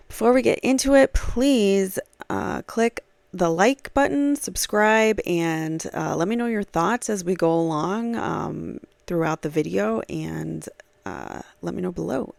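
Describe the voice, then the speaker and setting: A woman's voice: lowish voice, a little slow, vocal fry, a little mellow, no echo. A woman commenting on a true crime case, reading aloud from a blog with frequent fillers and casual asides.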